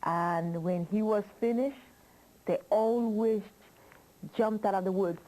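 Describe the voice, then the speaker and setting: A woman's voice: medium pitch, mellow, a little hiss or hum, poor audio. A woman reading a children's story aloud, drawing out her words and asking the listener questions. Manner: slow, drawn-out with questions to the listener.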